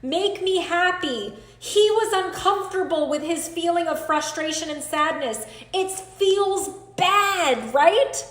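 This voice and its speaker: A woman's voice: very high-pitched, animated, takes it slowly, few pauses, fairly bright tone, echoey room. A woman in her thirties leading a live online coaching class, earnest and emphatic as she talks straight to the group.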